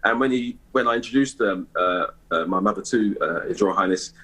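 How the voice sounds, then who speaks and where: The guest is a middle-aged man from East London, England, serving as award ambassador in a live broadcast interview, where he speaks hesitantly with lots of fillers and restarts. His voice is fairly low, a little fast, sharp-toned and slightly rough, in a rough recording.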